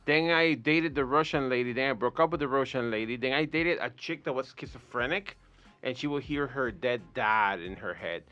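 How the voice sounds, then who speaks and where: Animated, profane man telling stories. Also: mid-range voice, moderate pace, muffled recording. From Puerto Rico. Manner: profane, animated storytelling with acted quotes. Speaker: podcast guest. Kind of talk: casual storytelling.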